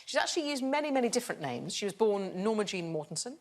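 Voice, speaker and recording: A woman hosting a comedy quiz show, with a wry, teasing manner and quick asides. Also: medium pitch, big pitch swings. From England. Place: TV studio with audience. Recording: TV studio audience laughter, some noise.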